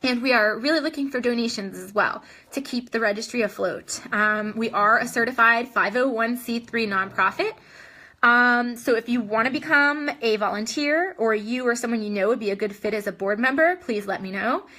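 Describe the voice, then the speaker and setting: Bright-voiced woman chatting on a livestream. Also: a little high, normal speed. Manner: chatty, many ums and restarts. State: short of breath. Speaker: host of a live video chat. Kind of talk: casual live-stream chat answering comments.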